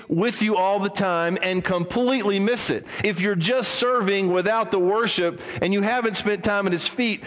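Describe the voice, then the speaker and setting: Male pastor, animated sermon delivery, slightly high voice, long reverb. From United States. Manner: animated preaching, acting out quoted people. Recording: long reverb of a church hall.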